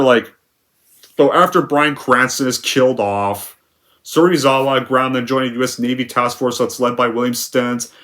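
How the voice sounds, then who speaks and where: A man's voice: medium pitch, a bit bright. A young man giving a rambling, profane movie review rant, full of restarts and fillers. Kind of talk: ranting film review.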